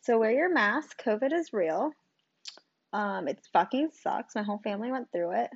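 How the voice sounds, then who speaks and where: A woman's voice: fairly high pitch, animated, moderate pace, gravelly, husky, dry recording, highs cut off. A young woman in her twenties hosting her own podcast in a rambling, casual chat full of ums, likes and swearing, still recovering from covid, with a cough and short breath. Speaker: podcast host.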